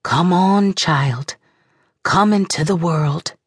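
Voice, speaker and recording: A woman voicing a midwife who urgently coaxes a birth in rough dialect speech. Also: on the low side, slow pace, no echo, studio quality. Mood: coaxing.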